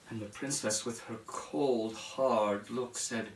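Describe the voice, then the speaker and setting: A man's voice: mid-range voice, slow pace, few pauses. A man telling a fairy tale to children, acting out the characters and speaking to his listeners as he goes. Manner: animated, shifting into character voices and addressing the audience. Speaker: storyteller. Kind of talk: storytelling for children. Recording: roomy sound from a distance.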